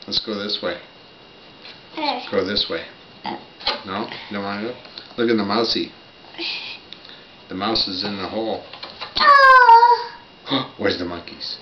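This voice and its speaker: An older man, a grandfather, reading a picture book aloud to a small child in gentle, coaxing baby talk with simple questions. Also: fairly low pitch, fairly even intonation, moderate pace, long pauses. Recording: roomy, dull lo-fi home recording with loud noise.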